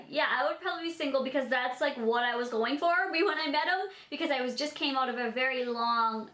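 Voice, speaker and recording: In an echoey room, a high-pitched Canadian woman in her twenties with a bright, forceful tone chats through viewer questions for a casual Q&A vlog. She giggles a lot and leans on fillers.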